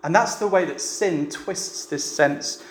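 A man's voice: a little high, slow pace. A man preaching a sermon to a church meeting in a chatty way, often asking the room rhetorical questions. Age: adult with a family. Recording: echoey room with faint ambience.

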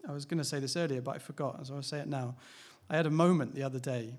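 A man's voice: mid-range voice, fairly even intonation, fast talker. A man, a pastor, preaching a sermon in a candid, conversational way, asking rhetorical questions and laughing lightly now and then.

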